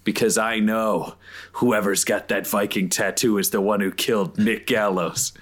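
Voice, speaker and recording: A man playing a tabletop game, excitedly laying out his character's moves. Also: on the low side, a little slow. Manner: excited, laughing, animated planning. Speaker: player.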